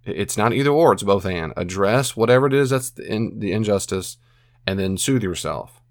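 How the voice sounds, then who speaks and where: A man's voice: fairly low pitch, expressive, normal speed, no echo, clean studio sound. A man giving earnest, casual advice as a podcast host, repeating phrases and acting out his own self-talk. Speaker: podcast host answering a listener.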